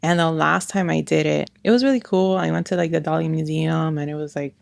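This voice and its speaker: A woman in her twenties with a low, gravelly voice hosts a podcast. She chats casually and says "like" often. The sound is dry and close. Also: fairly quick, darkish tone, dry recording. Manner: chatty, fills with "like". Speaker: podcast host. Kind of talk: casual chat.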